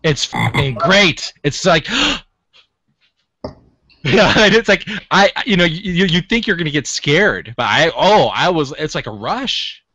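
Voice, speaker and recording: An animated man recounting a story in casual talk, his pitch leaping up and down. His voice is bright and close to the mic, with a dry, slightly dull sound. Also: a little slow, dry recording. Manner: excitable, animated, laughs while telling stories.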